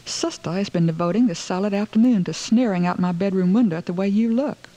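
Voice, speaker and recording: A woman's voice: medium pitch, a little fast, warm tone, lightly acted, poor audio. A woman voicing a spoiled, sulky younger sister with a petulant, snippy way of talking.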